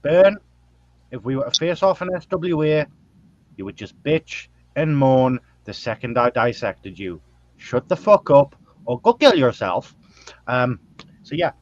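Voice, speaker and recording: A man's voice: medium pitch, expressive, a little slow, no room sound, muffled recording. A man hosting a casual podcast chat, crude and rambling, stumbling over his words. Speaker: host.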